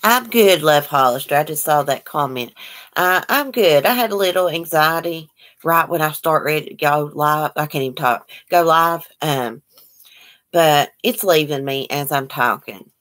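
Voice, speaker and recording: A woman's voice: deep voice, normal speed, a bit bright. A woman hosting a casual livestream, greeting viewers by name and chatting about their comments. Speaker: livestream host.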